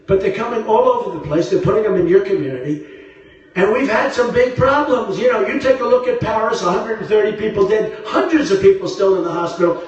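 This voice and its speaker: A man's voice: high voice, a little mellow, dull audio. A man giving a rambling, boastful campaign rally speech, repeating himself, heard through a phone from the crowd in a large arena. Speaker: political candidate. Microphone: phone livestream from the crowd. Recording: very echoey arena from far off.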